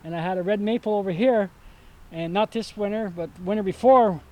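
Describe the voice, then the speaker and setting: An older man giving a casual outdoor tour of his rural property, telling stories in a folksy, halting way with many fillers. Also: high voice, dark tone, rough recording. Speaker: vegetable stand owner. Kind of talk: casual chat on a walking tour.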